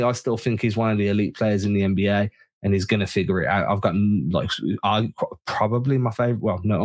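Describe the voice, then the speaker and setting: Male podcast co-host, somewhat low voice, casual and opinionated, tends to restart his sentences. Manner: animated, opinionated, rambling with restarts. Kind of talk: casual sports podcast chat.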